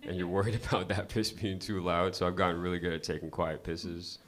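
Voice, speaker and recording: A man's voice: low voice, flat delivery, a little fast. A man doing a casual, profane stand-up set at an open mic, talking to the crowd conversationally. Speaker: stand-up comedian. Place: comedy club stage.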